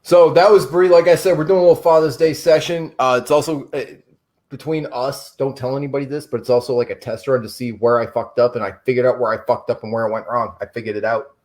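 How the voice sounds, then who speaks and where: A man's voice: medium pitch, fast. A man hosting a casual online talk show, telling stories full of swearing. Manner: profane, animated storyteller. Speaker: show host. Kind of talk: casual storytelling chat.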